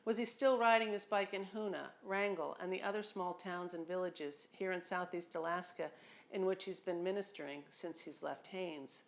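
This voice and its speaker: A woman's voice: fairly low pitch, moderate pace, gravelly. A woman reading her own memoir aloud at home, in a reflective, conversational way with a dry humor. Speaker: memoir narrator. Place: home near a beach.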